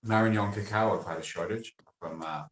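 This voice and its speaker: Deep-voiced man chatting in an echoey room. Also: fairly quick, fairly bright tone. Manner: loose, storytelling, trailing off. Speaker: chocolate maker. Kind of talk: casual interview chat. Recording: echoey room with faint noise.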